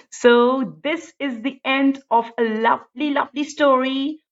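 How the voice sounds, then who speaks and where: A woman teacher reads a picture book aloud in an expressive, sing-song way and asks her listeners many questions. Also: high voice, slow pace. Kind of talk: storybook read-aloud lesson. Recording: dull lo-fi recording.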